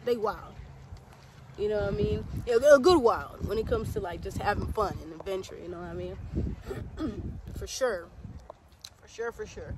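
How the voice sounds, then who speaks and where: A young woman talks casually to the camera while out in nature, in a playful, chatty way. Her voice sits at an ordinary pitch for a woman. The outdoor recording carries clear background noise. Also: moderate pace. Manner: chatty, playful, speaks straight to viewers. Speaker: vlogger.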